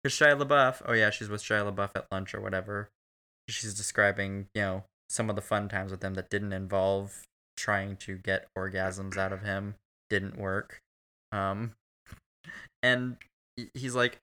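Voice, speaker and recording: A man's voice: on the low side, steady tone, moderate pace, sharp tone. A man co-hosting a casual, crude film recap chat, profane and laughing often. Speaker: podcast co-host.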